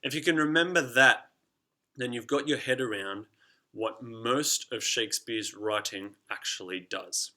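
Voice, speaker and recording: A man teaching a recorded lesson to his students, lively and encouraging, who chants rhythms aloud as he explains. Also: medium pitch.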